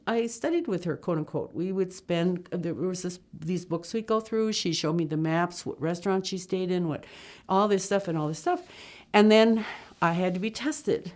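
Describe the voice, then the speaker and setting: An older woman telling a personal travel story in a chatty, animated way, with many fillers and restarts, acting out the voices of people she quotes. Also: lowish voice.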